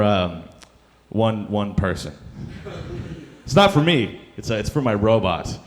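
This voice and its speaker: A man's voice: on the low side, expressive, measured pace. Rambling young man doing stand-up. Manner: rambling, self-deprecating, with many fillers. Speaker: stand-up comic. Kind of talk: stand-up comedy set. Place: comedy club stage.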